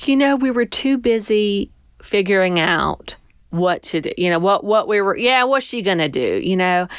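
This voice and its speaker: A woman's voice: medium pitch, moderate pace, smooth, dry recording, clean studio sound. A woman animatedly telling a personal story in conversation, acting out what people said. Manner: animated, acts out people's lines. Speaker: guest storyteller.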